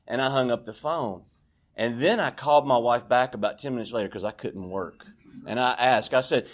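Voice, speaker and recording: A man's voice: mid-range voice, fairly quick. A man gives a candid, self-deprecating personal testimony at a recovery meeting, acting out bits of dialogue. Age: 40s.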